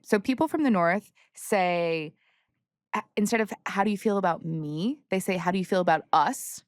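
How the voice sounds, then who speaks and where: A woman's voice: on the low side, normal speed, no echo, studio quality. A woman from Canada co-hosting a podcast, curious and playful, asking about slang in a casual chat. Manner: curious, playful, asks questions. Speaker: podcast co-host.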